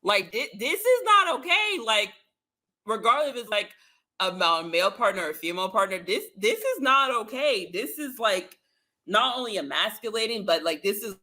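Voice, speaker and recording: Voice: mid-range voice, animated, normal speed, bright, forceful tone. A podcast co-host in a casual TV recap chat, talking in long runs packed with "like" and sounding exasperated. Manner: talkative, many "like" fillers, exasperated.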